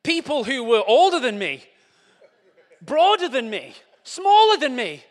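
Young male preacher, playful and animated, high voice with long hall reverb. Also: unhurried. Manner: playful, animated, acts out scenes with quoted voices. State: out of breath after a race. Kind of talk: lively sermon with jokes.

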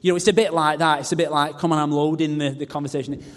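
A man's voice: fairly high pitch, fairly even intonation, fast. A man preaching a sermon, mixing scripture with humorous, self-mocking asides. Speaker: pastor. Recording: long reverb of a large hall.

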